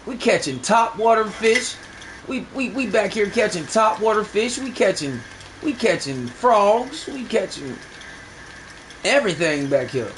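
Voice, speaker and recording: High-voiced boastful streamer talking to chat. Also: male voice, big pitch swings, a little slow, fairly bright tone, slight background noise, rough recording. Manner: boastful, profane slang, talks to chat. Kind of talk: live gameplay commentary.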